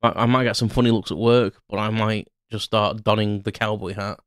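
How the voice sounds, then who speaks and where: A man's voice: on the low side, flat delivery, brisk, a bit bright, clean tone, dry recording. Guy rambling on his own podcast, self-mocking, lots of ums, dry sound. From Ireland. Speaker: podcast host. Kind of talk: casual solo monologue.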